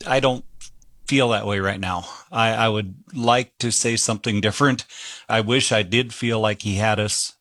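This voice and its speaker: A man's voice: on the low side, steady tone, normal speed, fairly bright tone, dry recording, studio quality. A man from South Dakota, a cattle farmer, speaking frankly and wearily in a radio interview.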